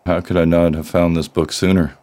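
A man's voice: deep voice, little pitch movement, brisk, warm tone. A man co-hosting a casual podcast, trading dry, sarcastic quips. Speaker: podcast co-host. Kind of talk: casual chat.

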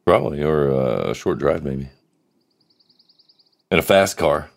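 A man's voice: lively intonation, measured pace, vocal fry. A man hosting a podcast, chatting casually and joking around. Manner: jokey, slips into put-on British and deep voices. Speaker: podcast host. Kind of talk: casual chat.

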